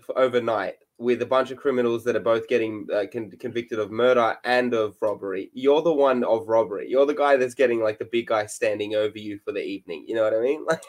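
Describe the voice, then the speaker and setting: Man, young, medium pitch, crude teasing, casual chat. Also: fast, few pauses. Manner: crude, teasing banter, bursts of high laughter.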